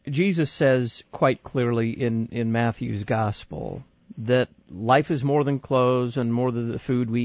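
A man hosting a radio interview, measured, posing questions and reading out contact details. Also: mid-range voice, darkish tone, no room sound, muffled recording. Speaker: radio host.

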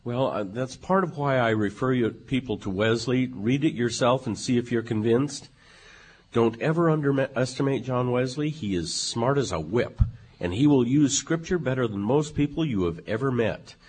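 A man speaking in an emphatic, professorial way as a guest on a theology talk show, slowing down to stress points. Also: mid-range voice, darkish tone, slightly rough. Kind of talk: lecture-like conversation.

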